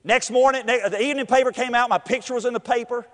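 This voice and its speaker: A middle-aged man, telling a personal story with animated acted-out voices and shouts. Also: very high voice, quick pace, big-room sound.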